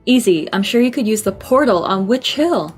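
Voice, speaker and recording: A woman's voice: mid-range voice, lively intonation, normal speed, soft background music, close to an everyday voice. A woman reading out a blunt, talking skull man's game dialogue in a plain voice. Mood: blunt advice.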